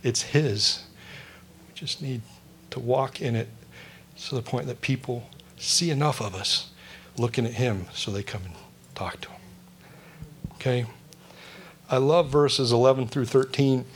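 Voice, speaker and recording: A man's voice: medium pitch, a little slow, slight background noise. A male pastor giving a conversational sermon, joking and asking the congregation questions.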